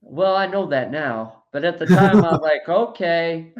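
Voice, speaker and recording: A man hosting a podcast, telling his own story in casual talk, halting and restarting his words. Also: on the high side, animated. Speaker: podcast host. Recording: dull lo-fi audio.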